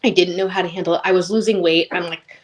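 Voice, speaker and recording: Woman in her thirties, interview guest, casual storytelling, filler-heavy talk, somewhat low voice. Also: fairly even intonation, fast. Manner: rambling, peppered with "like", emotionally open.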